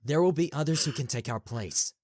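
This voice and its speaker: A gentle, worried unicorn father who speaks slowly and somberly, as a man acts him out. The recording sounds dry and close, in an audio drama. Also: mid-range voice, dry recording, lightly acted. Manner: calm, somber, slow. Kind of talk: fan audio drama acting.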